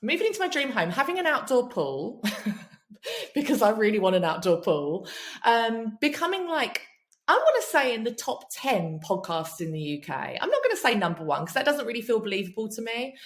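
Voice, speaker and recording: A woman's voice: fairly high pitch, big pitch swings, normal speed. Frank woman, swearing freely. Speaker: podcast guest. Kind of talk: candid storytelling chat.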